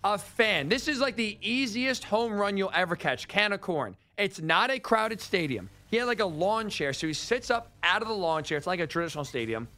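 A man's voice: high voice, animated, brisk, hardly any pauses, sharp tone. A man hosting a sports talk radio show, telling stories with incredulous, ranting energy.

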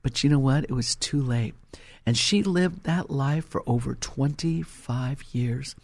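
A man's voice: medium pitch, a little slow, gravelly, a little mellow, no echo. A male pastor preaching an impassioned sermon and telling stories to his congregation.

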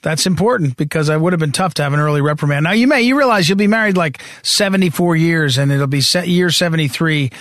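A man hosting a talk radio show, talking fast and rambling with many fillers and restarts. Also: a little high, a bit bright, no echo, clean studio sound. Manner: rapid, rambling delivery full of fillers and repeated starts. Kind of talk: casual talk radio chat.

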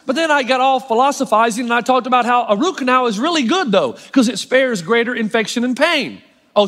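A man pastor preaching a sermon with wry, self-mocking humor, slowing down to stress key phrases. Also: extremely high pitch, fairly bright tone. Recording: long hall reverb.

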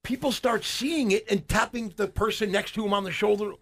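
A man co-hosting a radio show, telling stories in an animated way, with fillers and restarts. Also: high-pitched, fairly quick, creaky. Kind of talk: casual radio chat.

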